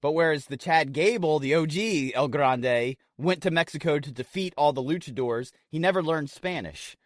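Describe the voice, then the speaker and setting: A man co-hosting a casual podcast, telling a story with lots of swearing and animated retelling. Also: a little high, normal speed, dry recording, clean studio sound. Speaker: podcast co-host. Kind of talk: casual chat.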